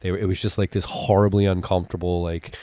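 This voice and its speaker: A man's voice: low voice, little pitch movement, quick pace, warm tone, dry recording. A man, co-hosting a podcast and telling stories in casual chat, acting out quotes and swearing freely. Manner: storytelling with acted-out quotes, profane. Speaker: podcast co-host and comedy show producer.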